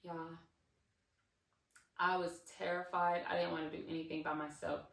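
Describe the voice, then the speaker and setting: A woman's voice: fairly low pitch, flat delivery, normal speed, gravelly, a bit bright, roomy sound, distant mic. A woman vlogger telling a casual storytime, rambling with many fillers and restarts.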